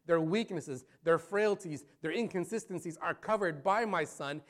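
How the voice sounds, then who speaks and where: A man preaching a sermon as pastor, rising into loud appeals and falling to hushed, prayerful tones. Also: fairly high pitch, moderate pace.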